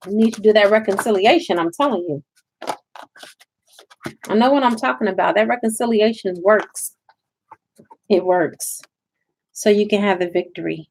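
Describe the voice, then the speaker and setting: A woman's voice: mid-range voice, darkish tone, a little hiss or hum. A woman giving a live spiritual reading, talking to her viewers in an emphatic, preachy way. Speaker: spiritual reader.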